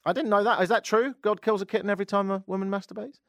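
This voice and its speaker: A man's voice: high voice, fairly even intonation, rapid-fire, a bit bright, no echo. A man hosting a radio talk show from a studio mic, reading odd news stories and cutting in with sarcastic, jokey asides. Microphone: studio microphone.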